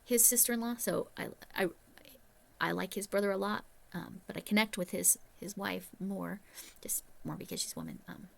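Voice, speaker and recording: A woman's voice: medium pitch, lively intonation, moderate pace, creaky, fairly bright tone. A middle-aged woman, a retired teacher, talking candidly and chattily to her viewers in a casual vlog. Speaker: retired teacher turned crochet YouTuber. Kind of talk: casual vlog chat to camera.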